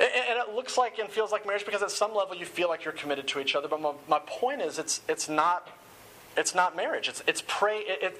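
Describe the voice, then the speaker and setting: A man's voice: sits high, bright, forceful tone, slight background noise, poor audio. A man giving a sermon-style talk, often repeating words as he starts phrases.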